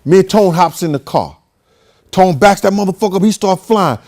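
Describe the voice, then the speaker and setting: A man with a high voice tells a long story, and his pitch swings widely as he goes. He talks casually, swears freely and acts out the other people's lines as a show host. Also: lively intonation, moderate pace, a little mellow.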